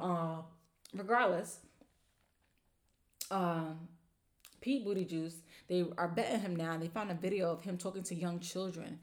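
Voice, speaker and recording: Lower-voiced woman ranting on her podcast. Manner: animated, exasperated, swears freely; slangy informal speech. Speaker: podcast host. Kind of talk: casual solo podcast rant.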